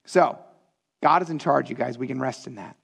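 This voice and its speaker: A man's voice: medium pitch, normal speed, gravelly, husky. A man preaching a sermon to his church in an earnest, conversational way, often addressing the crowd as "you guys.". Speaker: pastor.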